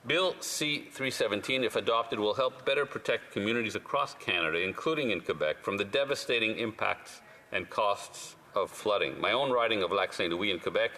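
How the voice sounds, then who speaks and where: A man who is a member of parliament, giving a measured, earnest and persuasive formal speech in a large legislative chamber. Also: lowish voice, pushed and bright. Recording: long chamber reverb with faint room noise.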